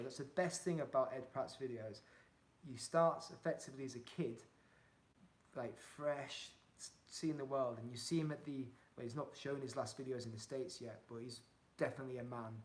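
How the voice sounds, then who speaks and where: A man's voice: medium pitch, creaky, a bit bright. A man in his thirties hosting a casual livestream, speaking candidly with rambling restarts while he reads viewer comments aloud. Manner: candid, rambling, laughs easily. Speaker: cycling travel vlogger hosting a livestream.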